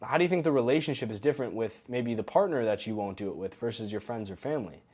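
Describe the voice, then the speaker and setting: A young adult man giving a recorded coaching lesson in a relaxed, conversational way, often acting out example phrases. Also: mid-range voice, fast. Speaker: coaching course instructor.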